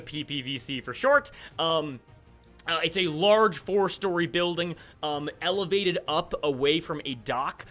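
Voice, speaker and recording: A man's voice: on the high side, moderate pace, sharp tone, soft background music. A man narrating as game master, rambling with many fillers and restarts.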